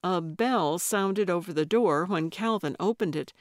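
A woman narrating a cozy mystery audiobook in measured, even storytelling on a close studio mic. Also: on the low side, dry recording. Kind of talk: scripted narration.

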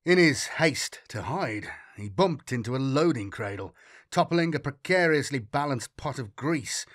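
Male narrator for a grim sci-fi audiobook: slow and measured, mid pitch, dry close sound. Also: a bit bright, no room sound. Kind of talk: scripted narration.

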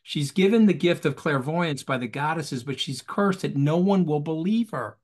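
A man talking as a guest in an animated interview over a video call, emphatic and rhetorical, repeating phrases for effect. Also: on the high side, moderate pace.

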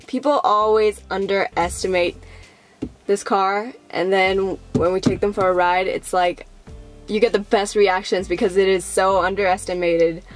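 A young woman vlogging casually to the camera, rambling with lots of fillers and acting out how people reacted. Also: medium pitch.

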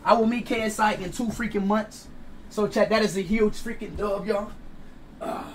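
A man livestreaming and chatting loudly with his viewers, excitable and full of swearing. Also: high-pitched, moderate pace, a little hiss or hum. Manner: loud, excitable, swears a lot, talks to chat. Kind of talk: casual livestream chat.

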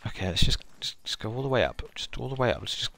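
Man, game streamer, animated voice, jokey and self-deprecating, music in the background. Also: medium pitch, fast, vocal fry. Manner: excitable, self-mocking, chatters to himself while playing. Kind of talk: live gameplay commentary.

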